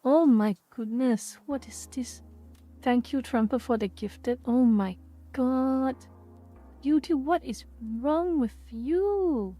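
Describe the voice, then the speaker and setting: A woman's voice: high-pitched, takes it slowly, warm tone, faint music behind. A woman hosting a casual livestream, ranting in exasperation and repeating herself as she talks to her chat. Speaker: livestream host.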